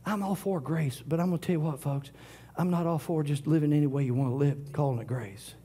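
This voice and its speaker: A middle-aged man preaching a sermon, swinging from loud declarations to hushed whispers. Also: a little high, brisk, breathy edge. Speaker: pastor.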